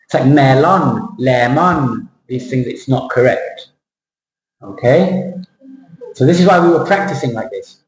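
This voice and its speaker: A man teaching pronunciation in a classroom, repeating words slowly and syllable by syllable, now and then switching into Thai for his students. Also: mid-range voice, expressive. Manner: drills words slowly, mixes in Thai asides. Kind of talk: accent coaching lesson. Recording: roomy classroom with faint hum.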